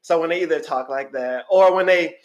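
High-voiced man in casual joking chat. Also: fairly quick, highs cut off. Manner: animated, joking, laughs often. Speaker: podcast co-host.

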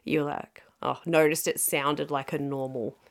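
A woman's voice: deep voice, little pitch movement, unhurried, vocal fry. An Australian woman co-hosting a podcast in casual chat, talking loosely with fillers and frequent laughs. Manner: chatty, laughs often, trails off with fillers. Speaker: podcast co-host.

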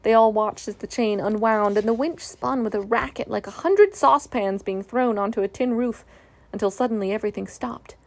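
Woman reading a storybook, gravelly voice. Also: a little high. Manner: gentle, measured reading. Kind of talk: storybook narration.

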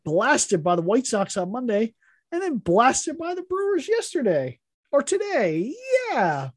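Male podcast co-host, animated delivery with swinging pitch, dry close mic, salty trash-talking banter. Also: unhurried, dry recording. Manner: profane, mock-insulting, playful trash talk. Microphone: podcast microphone.

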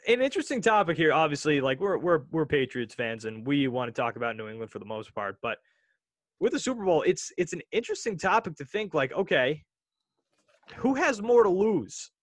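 A man co-hosting a sports podcast, talking in an excitable, rambling way that keeps doubling back on itself. His voice sits a little on the high side, and the sound is dry and close. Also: fairly quick, dry recording. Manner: rambling, self-correcting, excitable. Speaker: podcast co-host. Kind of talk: casual sports chat.

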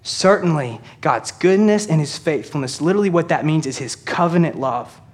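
A man preaching a sermon, speaking earnestly to his congregation and easing into slow, soft emphasis on key lines. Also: a little high, expressive. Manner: earnest preaching, addresses congregation as church and y'all. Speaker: pastor.

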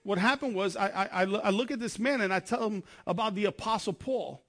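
A man's voice: high-pitched, brisk, a bit bright, slight background noise. A man preaching a sermon, telling his testimony in an earnest, conversational way and often restarting his sentences.

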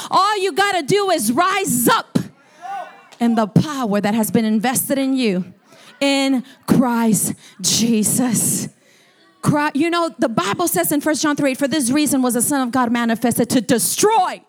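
In an expressive voice that sits high, a woman pastor shifts from soft storytelling to loud, stretched-out shouts as she preaches. She frequently repeats herself and restarts words.

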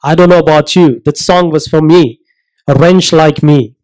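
A man preaching a sermon, earnest and emphatic, asking rhetorical questions and slowing down to stress his points. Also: on the high side, a little mellow, low-quality recording.

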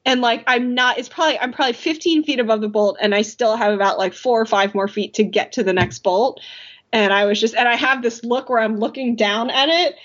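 A woman telling a climbing story in casual chat, animated and laughing often. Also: fairly high pitch, a little fast. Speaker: podcast guest or co-host, rock climber. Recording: dull, lo-fi podcast audio.

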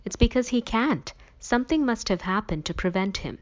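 A woman's voice: on the high side, expressive, moderate pace, pitched above the performer's own voice, lightly acted. A woman voicing an earnest young man who argues urgently and insistently. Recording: dull lo-fi recording.

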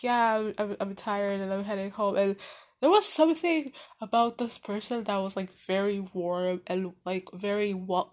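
A young woman casually telling a personal story, chatty and animated, with many fillers and restarts. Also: medium pitch. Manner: animated, laughs often.

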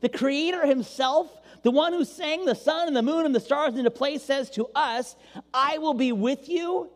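A male pastor giving an animated, playful sermon and acting out voices, recorded with long hall reverb. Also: very high-pitched, normal speed.

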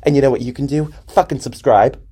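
Young jersey dude podcasting, loud profane over-the-top rant, lots of swearing and hype. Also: male voice, mid-range voice, a little fast, breathy edge. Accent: New Jersey. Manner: animated, profane, hyperbolic ranting with frequent laughs. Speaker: podcast host. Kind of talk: casual comedic monologue. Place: parents' basement.

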